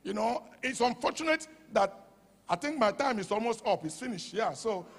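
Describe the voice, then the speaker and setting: A Nigerian-accented male pastor preaching with fervour. His voice sits high and slightly husky, and it rings through a long hall reverb. He swings from shouted peaks to hushed asides. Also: animated, moderate pace. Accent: Nigerian English. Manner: fervent, shouting at peaks, dropping to a hush for quoted asides. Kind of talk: sermon. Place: church hall.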